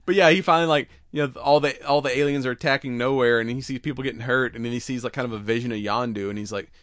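A man's voice: mid-range voice, fairly even intonation, very fast, fairly bright tone, dry recording. A young man hosts a casual podcast and rambles through plot recaps, cursing freely and acting out the characters' lines. His voice sits in a middling range. The recording is close and dry. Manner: rambling recaps full of swearing and acted-out quotes. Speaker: podcast host. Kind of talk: casual chat.

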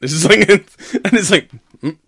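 Male co-host, casual and animated, acts out lines, dry room. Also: mid-range voice, normal speed, no echo. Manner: animated, laughs often, acts out quotes. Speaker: podcast co-host. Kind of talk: casual chat.

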